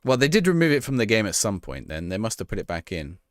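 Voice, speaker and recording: Chatty male streamer, low voice with lively swings, dry close sound, reacting to a football sim. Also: fast talker, dry recording. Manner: chatty, thinks aloud and reacts to the game, talks to chat. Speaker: streamer playing a football management game. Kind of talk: casual live-stream chat.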